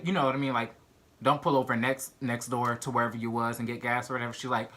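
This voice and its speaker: A young man vlogger telling a story in an animated, casual way, full of "like" and "you know what I mean". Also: mid-range voice, fast talker. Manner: animated, filler-heavy storytelling. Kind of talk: storytime vlog.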